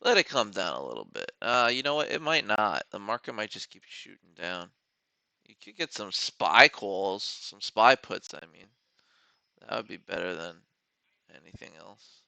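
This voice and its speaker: A man's voice: on the low side, very animated, moderate pace, creaky, bright, forceful tone, no room sound, poor audio. A man hosting a casual day-trading live stream from his home studio, rambling, joking and swearing freely as he talks through his trades.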